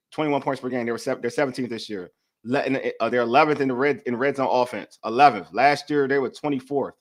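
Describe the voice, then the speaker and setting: A man's voice: mid-range voice, a bit bright. A man hosting a casual sports debate show, heated and slangy as he vents his frustrations.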